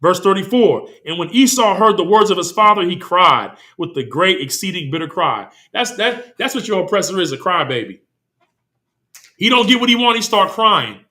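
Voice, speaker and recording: A preacher delivers a heated sermon in a congregation hall, firing off rhetorical questions, reading scripture between his points and taking on quoted voices. He speaks in a high, sharp, sing-song voice at a moderate pace.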